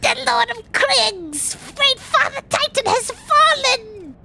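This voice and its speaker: A woman putting on a booming furious earth god. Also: lively intonation, heavily acted. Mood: triumphant. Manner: slow booming proclamations.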